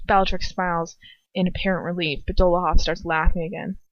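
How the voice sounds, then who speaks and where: A woman's voice: fairly low pitch, fairly even intonation, moderate pace, no echo, highs cut off. Chatty woman reading fan fiction. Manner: chatty, laughs at her own slips and asides. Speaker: audiobook reader.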